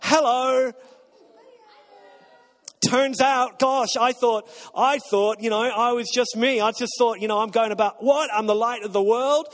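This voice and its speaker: Guy preaching, pretty high voice, lots of repeating himself, long echo from a big church hall. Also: steady tone, unhurried, a bit bright. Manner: emphatic, repeats phrases, prompts the congregation. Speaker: pastor. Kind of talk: sermon. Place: church auditorium. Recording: long reverb of a large hall.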